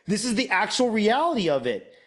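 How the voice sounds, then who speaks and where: A man hosting a masterclass, mixing an emphatic sales pitch with sermon-like preaching, repeating phrases for effect and mimicking doubters. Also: sing-song, fairly quick. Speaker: host, off-grid masterclass presenter.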